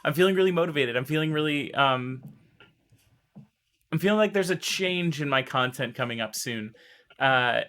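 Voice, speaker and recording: A man chatting casually on a live stream, excitable and emotional, rambling and restarting, his voice still strained from recovering. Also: a little high, normal speed, pauses often, smooth.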